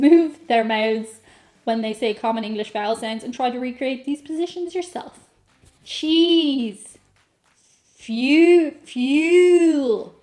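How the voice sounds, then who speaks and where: Irish woman, vlogger, casual comedic chat, playful, slightly high voice. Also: a little mellow. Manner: playful, self-mocking, reads aloud and riffs.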